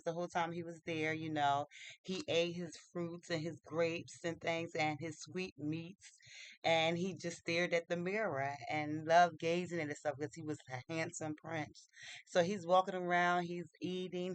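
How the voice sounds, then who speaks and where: A casual storyteller retelling a tale in a mid-pitched voice, halting often and restarting sentences. The grammar is loose and informal. The sound is close and dry. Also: dry recording, low-quality recording. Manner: halting, many fillers and restarts.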